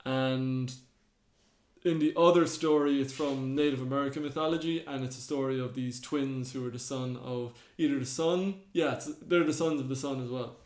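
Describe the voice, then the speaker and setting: A man's voice: medium pitch, fairly even intonation, moderate pace, darkish tone. A man with a mid-range voice retells myths in easy, casual podcast chat. He acts out the characters' lines as he goes. The recording has a roomy echo. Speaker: podcast co-host.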